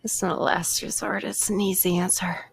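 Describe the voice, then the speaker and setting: A woman's voice: fairly low pitch, steady tone, moderate pace, creaky. A woman chatting in character during a roleplay game, dry, teasing and sure of herself. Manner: dry, teasing and self-assured.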